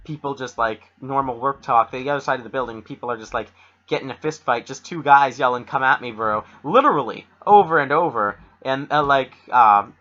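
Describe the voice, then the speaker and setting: A man's voice: medium pitch, animated, a little fast, a bit bright, lo-fi sound. A young man co-hosting a podcast in rambling casual chat, joking and restarting his sentences. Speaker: podcast co-host.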